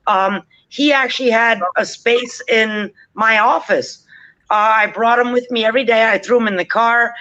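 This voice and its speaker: Bright, chatty woman on lo-fi call. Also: a little high, normal speed. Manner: chatty, laughs often, swears freely. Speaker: forum regular. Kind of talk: casual storytelling.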